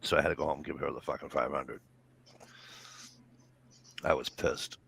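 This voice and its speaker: A man's voice: extremely low pitch, steady tone, moderate pace, creaky, a bit bright, slight background noise. A man, telling rambling, swear-filled stories in casual chat. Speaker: storyteller.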